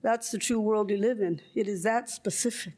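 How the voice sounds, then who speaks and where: An older Californian woman, a guest lecturer with a mid-range, darkish voice, reads a prepared lecture. Her delivery is measured and rhetorical, broken up by wry, joking asides.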